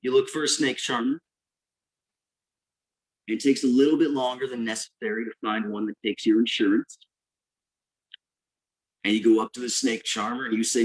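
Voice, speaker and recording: A man performing a stand-up comedy set, telling a long deadpan story and mock-cheering the crowd in sudden high bursts. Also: normal speed, pauses often, low-quality recording. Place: live venue with audience.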